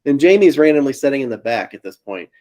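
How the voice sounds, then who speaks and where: Give me an animated man of medium pitch telling stories as a podcast co-host. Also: fast talker. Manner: animated storyteller. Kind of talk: casual chat, telling stories.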